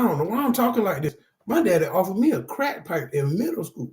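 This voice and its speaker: A man's voice: sits high, expressive, moderate pace, a little mellow, reverberant. A middle-aged man teaching anger management through personal testimony, talking emphatically and repeating himself, often calling the listeners "y'all". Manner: emphatic, repetitive, addresses audience as y'all.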